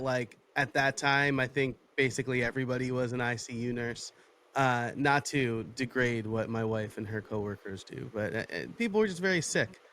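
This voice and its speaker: Man from New York, podcast guest, steady and reflective, mid-pitched everyday voice. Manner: measured, reflective storytelling. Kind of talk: casual interview talk.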